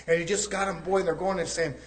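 Male preacher, folksy sermon, swells loud then drops soft, slightly high voice. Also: fairly even intonation, fast talker. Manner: folksy, rising and falling in volume, preaching cadence.

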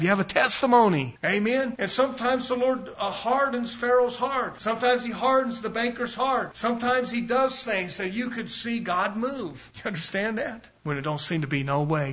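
A middle-aged man preaching a sermon as pastor, folksy and emphatic, swinging between loud and soft. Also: high voice.

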